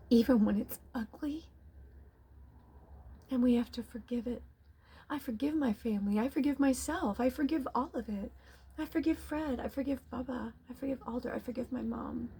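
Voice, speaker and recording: A woman with a somewhat high voice talks in a loose, confessional way, rambling and emotional, cursing now and then. She often sinks into a whisper before her voice comes back up. Faint background noise sits under her talk. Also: normal speed, dark tone. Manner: rambling, emotional, swears, drops to a whisper at times. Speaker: spiritual medium and vlogger. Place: tiny home.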